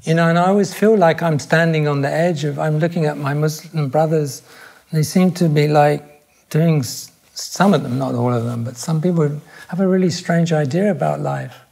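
An older man, a podcast guest speaking thoughtfully in reflective conversation, pausing and restarting his sentences. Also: a little high, vocal fry, a little mellow. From England.

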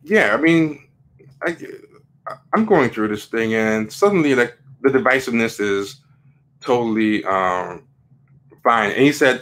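A man's voice: mid-range voice, lively intonation, unhurried, long pauses, a bit bright. A man hosting a livestream, giving casual opinion commentary in a rambling way, with frequent fillers and emphatic rising questions. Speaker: livestream host.

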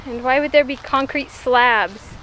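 A high-voiced woman talks excitedly while exploring outside, slipping into whispers. The handheld outdoor recording carries clear background noise. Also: unhurried. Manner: chatty, excitable, drops to whispers. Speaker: mother and vlogger. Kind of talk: casual family vlog chat. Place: outdoors near a freeway.

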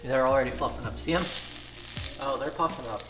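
A man's voice: medium pitch, brisk, background noise. Man from Slovakia hosting a cooking vlog. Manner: relaxed, talks viewers through each step. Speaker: cooking channel host. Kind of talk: casual cooking demonstration. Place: home kitchen. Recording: echoey kitchen with music bed. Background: background music, clinking dishes.

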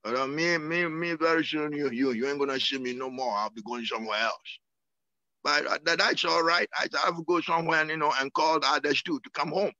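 A man's voice: fairly high pitch, brisk, pushed and bright, dry recording, highs cut off. A man preaching a sermon and praying, fervent, with sudden whoops, often repeating his words. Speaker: apostle preaching. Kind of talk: sermon and prayer.

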